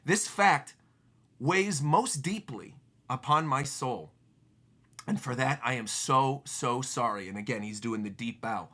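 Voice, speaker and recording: A man reading the lines of an elderly male genius scientist, slow and solemn, full of regret. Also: medium pitch, a bit bright.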